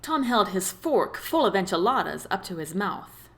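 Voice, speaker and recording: A woman narrating a romance novel as an audiobook, with expressive storytelling. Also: mid-range voice, normal speed. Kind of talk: scripted narration.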